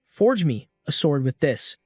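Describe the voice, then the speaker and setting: Smug young male hero, read by a male narrator, calm and offhand, a bit high. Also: measured pace, no echo, studio quality, soft background music.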